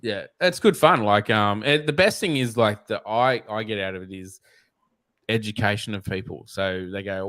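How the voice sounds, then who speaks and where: A man's voice: fairly low pitch, normal speed, fairly bright tone, no room sound. An Australian man, a snake catcher guest, telling blunt, profane, rambling stories in a casual interview.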